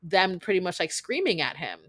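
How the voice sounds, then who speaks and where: A woman with a bright, forceful voice chats casually on a podcast. She retells reality TV drama and acts out what people said, with plenty of swearing. The sound is close and dry, with almost no room. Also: fairly low pitch, moderate pace, no room sound. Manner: animated retelling, acts out quotes, swears freely. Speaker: podcast co-host. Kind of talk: casual recap chat.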